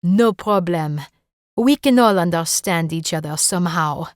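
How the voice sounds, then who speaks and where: A woman's voice: fairly low pitch, unhurried, no echo, studio quality, close to an everyday voice. A woman voicing a friendly, cheerful female neighbor with a French accent. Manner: cheerful and gay.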